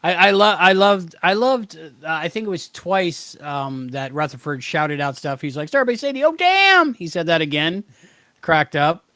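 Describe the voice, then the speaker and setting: A man's voice: on the high side, a little slow, a bit bright, no room sound. A man co-hosting a podcast in casual review chat, easygoing and reading viewer comments aloud. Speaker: podcast co-host.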